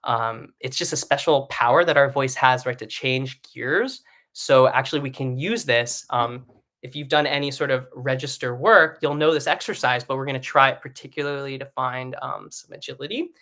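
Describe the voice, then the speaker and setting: Speaking at a moderate pace, this man teaches a singing lesson live online in an easygoing, talkative manner, frequently asking "right?" He now and then slips into brief sung vowels that jump up into a high head voice.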